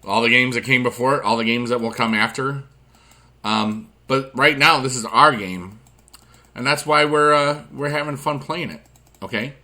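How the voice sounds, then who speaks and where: Bright-voiced rambling gaming host. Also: male voice, mid-range voice, normal speed. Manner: rambling, chatty, drifts from quiet asides to loud excited bursts; addresses viewers directly with friendly advice. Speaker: YouTube gaming channel host. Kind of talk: rambling gameplay commentary.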